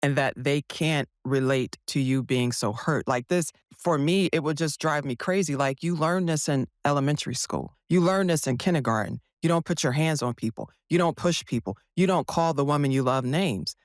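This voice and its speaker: A woman's voice: low voice, moderate pace, few pauses, no room sound, studio quality. A woman therapist speaking as a podcast guest, passionate and emphatic, often asking rhetorical questions. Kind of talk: casual podcast conversation.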